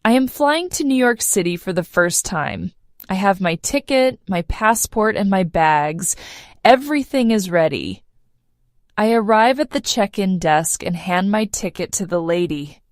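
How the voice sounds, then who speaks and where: Slow clear woman narrating a story. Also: mid-range voice, expressive, dry recording, studio quality. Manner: clear, measured first-person storytelling. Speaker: English lesson narrator. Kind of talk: slow read-aloud story for learners.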